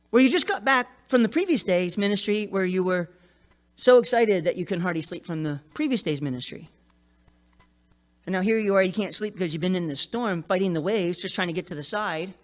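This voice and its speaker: Animated, jokey male preacher. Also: high-pitched. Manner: animated, jokey storytelling with asides. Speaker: pastor. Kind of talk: sermon.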